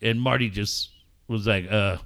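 A man's voice: medium pitch, big pitch swings, normal speed, bright, forceful tone. A man, a sports radio host, joking and ribbing his co-host in casual podcast banter, swearing freely. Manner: joking, mock-emotional, profane.

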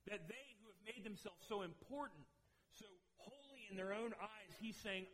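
A man who is a pastor, preaching a sermon and retelling film scenes in an animated storytelling way, speaking directly to the congregation. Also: high-pitched, moderate pace, breathy edge, low-quality recording.

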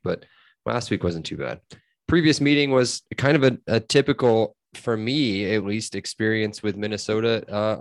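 A man's voice: lowish voice, dry recording, clean studio sound. A man hosting a sports podcast, chatting casually and rattling off scores and stats. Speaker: podcast host.

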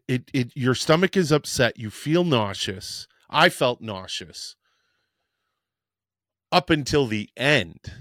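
A man's voice: medium pitch, a bit bright, no echo, clean studio sound. A man hosting a podcast, telling a personal story in a frank, rambling way and swearing casually. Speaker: podcast host.

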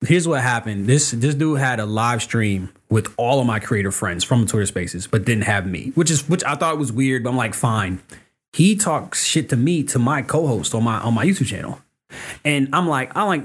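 A man in casual podcast chat, telling a heated story in an animated way, acting out quotes and cursing freely. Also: medium pitch, moderate pace, slightly rough. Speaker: podcast guest, comic creator.

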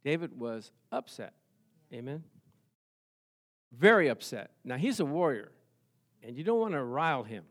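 A man preaching a sermon, telling the story with lively rhetorical questions and chuckles. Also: mid-range voice, a little slow, long pauses. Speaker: pastor.

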